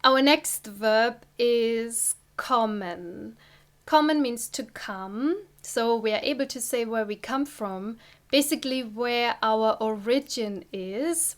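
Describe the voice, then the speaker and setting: A woman from Germany, giving an online language lesson and explaining step by step with careful, deliberate pronunciation. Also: a little high. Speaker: German teacher.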